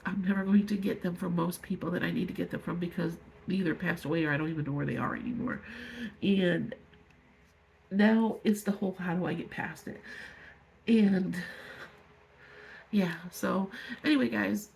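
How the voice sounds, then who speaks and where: A woman in her fifties speaking to viewers in an emotional personal vlog, angry and tearful, halting as she pours out her feelings. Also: medium pitch, a little mellow, poor audio. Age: 50s. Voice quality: gravelly, very husky voice. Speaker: vlogger.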